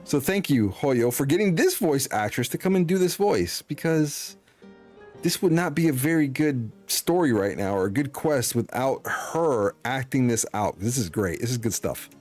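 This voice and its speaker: A man's voice: medium pitch, lively intonation, normal speed, a little mellow, soft background music. Joking gaming streamer man. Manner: joking, playful, slangy. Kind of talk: casual game commentary.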